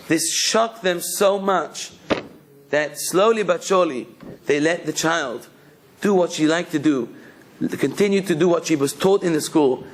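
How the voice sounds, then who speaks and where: A man's voice: a little high, a little slow, slight background noise. A male rabbi telling a story in a sermon and then urging his listeners.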